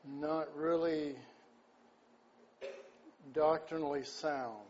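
A man preaching a sermon, folksy and unhurried, often clearing his throat. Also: on the high side, darkish tone. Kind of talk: sermon with an opening joke. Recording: dull lo-fi sound with faint background noise.

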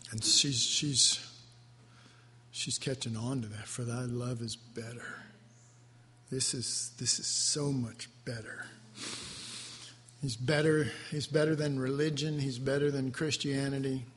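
Slow, deeply moved male preacher. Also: steady tone, a bit bright. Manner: slow, emotional, moved, drawn-out emphasis. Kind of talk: sermon. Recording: reverberant hall, faint ambience.

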